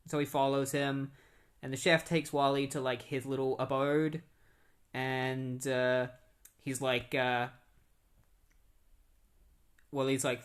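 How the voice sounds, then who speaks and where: A man casually retelling a comic book story as a podcast host, rambling with many fillers and quick quoted asides. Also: medium pitch, fairly even intonation.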